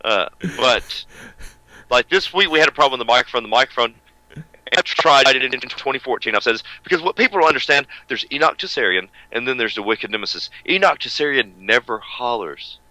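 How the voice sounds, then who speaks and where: Booming loud-talking radio host man. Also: animated, brisk, no echo, rough recording. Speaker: co-host of a wrestling radio show. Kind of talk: loud rambling radio banter.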